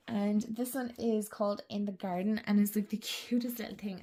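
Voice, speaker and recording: A woman's voice: mid-range voice, steady tone, normal speed, dark tone. A woman chatting casually to camera, rambling and giggling, slipping into whispers. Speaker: journaling channel host.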